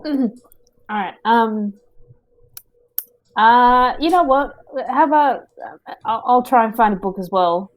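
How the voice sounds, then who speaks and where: A woman's voice: on the high side, rough recording. A woman playing a tabletop game, chatting casually and laughing easily. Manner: giggly, quick to laugh. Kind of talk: casual chat.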